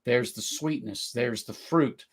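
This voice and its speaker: A middle-aged man hosting a live whisky tasting, talking casually, searching for words, then bursting into excited exclamations. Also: mid-range voice, a little slow. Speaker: whisky tasting livestream host.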